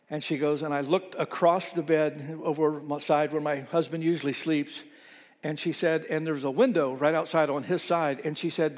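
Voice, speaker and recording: A man preaching a sermon as pastor, telling stories and quoting people, sometimes dropping to a soft near-whisper. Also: fairly high pitch. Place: church sanctuary. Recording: long reverb in a church hall.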